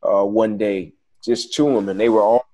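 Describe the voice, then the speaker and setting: Man, interview guest, dark voice, earnest reflective storytelling, casual speech. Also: fairly low pitch, fairly even intonation, moderate pace, muffled recording.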